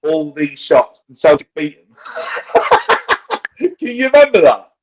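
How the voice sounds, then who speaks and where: Man, co-host, higher voice, sweary ranter, lo-fi recording. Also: very animated, a little slow, a little mellow. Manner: ranting, swears freely, mocking. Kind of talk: casual podcast banter. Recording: dull lo-fi sound.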